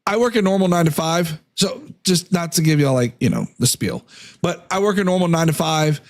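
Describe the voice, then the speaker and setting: Young male streamer with a high voice, fading from illness, casual political rant host. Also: fairly quick. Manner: reads statements aloud, then rants against them. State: losing his voice from illness. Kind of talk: casual live-stream commentary.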